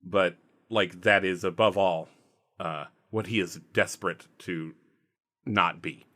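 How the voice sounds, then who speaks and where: Bright-voiced rambling game master, a man. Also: sits low, fairly even intonation, slow. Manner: loose and rambling, full of "like". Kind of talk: narrating a tabletop game.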